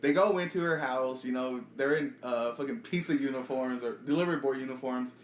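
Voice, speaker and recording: A man chatting casually on a podcast, recapping a comic book in a rapid, profane way. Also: mid-range voice, slight background noise. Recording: echoey room.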